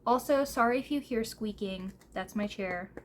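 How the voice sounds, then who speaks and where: A woman doing a tarot reading at home, gentle and emotional, speaking with fillers and pauses, tearful at times. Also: fairly high pitch, a little hiss or hum. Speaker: tarot reader. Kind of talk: slow, soft-spoken tarot reading. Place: home room, seated in a squeaky chair.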